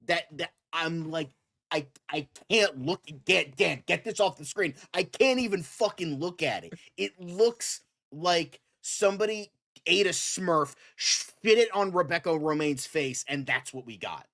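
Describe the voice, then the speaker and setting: A man's voice: a little high, lively intonation, unhurried, fairly bright tone. A man co-hosting a fan talk show, ranting heatedly and swearing constantly. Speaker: co-host. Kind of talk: profane ranting chat.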